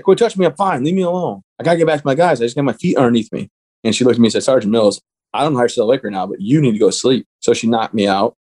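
Guy in his 30s, blunt matter-of-fact storytelling, talks fast, plain middle voice. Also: mid-range voice, a little mellow. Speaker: guest. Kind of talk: personal storytelling in an interview.

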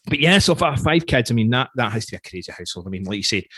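A Scottish man in his forties hosts a podcast and drifts from one anecdote to the next, chuckling as he goes. His voice is husky and sits at an ordinary pitch. The sound is close and dry, with no room around it. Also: very animated, very fast, pushed and bright, no echo. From Scotland. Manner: rambling storyteller, chuckles often. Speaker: podcast host. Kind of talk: casual interview chat.

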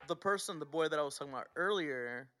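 A man's voice: a little high, lively intonation, fast, bright, forceful tone. A man co-hosting a podcast, telling personal stories in casual chat, candid and swearing freely. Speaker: podcast co-host.

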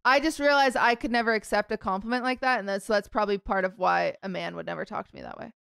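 A woman's voice: mid-range voice, fairly even intonation, fast, vocal fry, a bit bright, smooth, dry recording, studio quality. A young woman co-hosting a podcast in casual chat, giggly and rambling, tripping over her words. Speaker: podcast co-host.

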